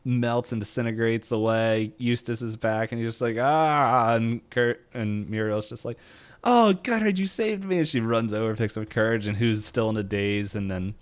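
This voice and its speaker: A man co-hosting a podcast, casually retelling a cartoon episode in a rambling way with quick acted quotes. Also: fairly low pitch, little pitch movement, clean tone. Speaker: podcast co-host.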